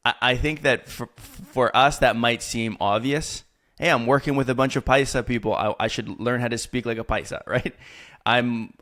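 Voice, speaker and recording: A man's voice: medium pitch, a bit bright. A man hosting a podcast interview, relating to his guest and laughing easily as he talks. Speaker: podcast host.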